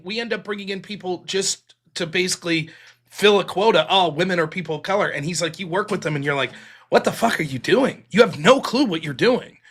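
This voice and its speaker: A man's voice: sits high, bright, forceful tone. A man hosting a political call-in show, talking casually and profanely, rambling through stories as he retells what others told him.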